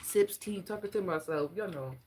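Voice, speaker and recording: A woman's voice: on the low side, moderate pace, darkish tone, slight background noise. A young woman giving a casual tarot reading, blunt and profane, joking and laughing often as she talks. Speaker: tarot reader.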